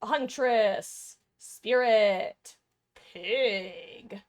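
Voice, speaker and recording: A woman's voice: on the high side, very slow. Young woman, twenties, casual live-stream host; loose, chatty, self-deprecating.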